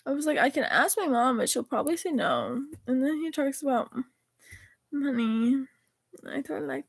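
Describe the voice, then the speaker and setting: A woman's voice: high voice, sing-song, moderate pace, gravelly, no echo. A teenage girl chatting casually, rambling and correcting herself as she reads old text messages aloud. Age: teens. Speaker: vlogger. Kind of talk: casual chat reading texts aloud.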